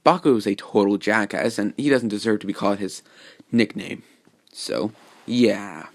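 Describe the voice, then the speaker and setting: A man's voice: lowish voice, normal speed, no room sound. A man casually retelling a fan story, rambling with lots of fillers.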